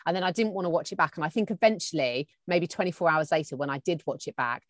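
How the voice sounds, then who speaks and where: An English woman with a lowish voice chats about her work on TV, telling stories and playing out what others said to her. The sound is close and dry, with no room around her. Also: expressive, fast, no echo. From England. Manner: chatty storyteller, acts out quoted dialogue. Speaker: TV presenter as guest. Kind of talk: casual chat.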